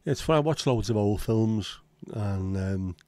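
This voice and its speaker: Sweary man, low mellow voice. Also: a little slow, no room sound. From Liverpool, England. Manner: sweary, sarcastic banter. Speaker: livestream host. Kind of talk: casual livestream chat reading viewer comments.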